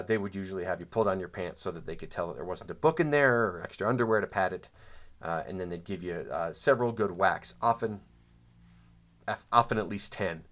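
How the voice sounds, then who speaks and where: A man's voice: low-pitched, a bit bright. A man casually recounting a childhood memory, hesitant with frequent ums and restarts, and prone to dry, wry asides. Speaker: storyteller. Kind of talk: casual spoken recollection of childhood.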